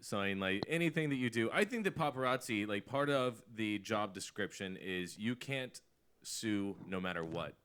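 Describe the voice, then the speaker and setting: A man's voice: fairly low pitch, animated, normal speed, fairly bright tone, smooth. A man co-hosting a talk radio show, giving his opinions in casual chat. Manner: opinionated, lots of "I mean, like". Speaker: radio co-host.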